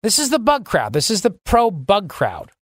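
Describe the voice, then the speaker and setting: A man's voice: sits high, moderate pace, no echo. Sarcastic male talk radio host, dry sound. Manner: sarcastic, animated, acts out mock dialogues. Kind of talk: opinionated talk radio monologue.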